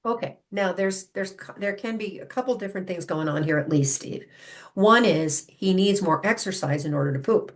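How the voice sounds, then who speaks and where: A woman's voice: medium pitch, normal speed. A woman explaining how dogs read people, in a conversational style. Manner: acts out dog and owner voices, animated. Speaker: animal communication guest.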